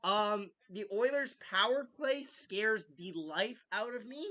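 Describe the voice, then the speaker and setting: A young man hosting a casual live hockey podcast, chatty and excitable. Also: high voice, takes it slowly. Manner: chatty and excitable, jokes with a friend. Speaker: podcast host. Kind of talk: casual live game-watch chat.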